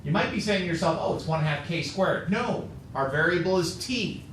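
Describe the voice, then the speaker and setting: A man's voice: sits high, lively intonation, moderate pace, a bit bright. A man teaching a calculus class, tired and joking with his students as he works through a problem. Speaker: math teacher. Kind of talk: classroom lecture. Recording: echoey classroom with faint noise.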